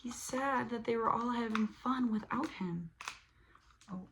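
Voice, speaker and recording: Slow, playful woman reading a storybook. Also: on the high side, slight background noise. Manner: animated, with playful sound effects and asides. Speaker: host reading a picture book aloud. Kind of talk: storybook read-aloud for children.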